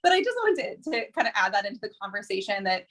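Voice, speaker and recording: A woman's voice: medium pitch, very animated, fast talker, fairly bright tone. Thoughtful woman podcast host. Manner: reflective, thoughtful, many fillers. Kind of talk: casual conversation.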